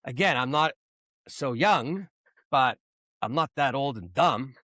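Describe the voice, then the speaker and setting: A man's voice: mid-range voice, lively intonation, slow pace, sharp tone, no echo. A middle-aged man from Canada hosting a podcast, ranting bluntly and swearing in casual chat. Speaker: podcast host.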